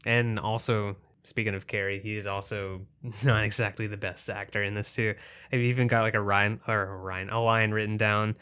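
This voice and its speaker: A man's voice: lowish voice, flat delivery, moderate pace, fairly bright tone, clean tone. Laid-back man podcast co-host. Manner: loose and conversational, hedging with fillers. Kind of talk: casual podcast chat.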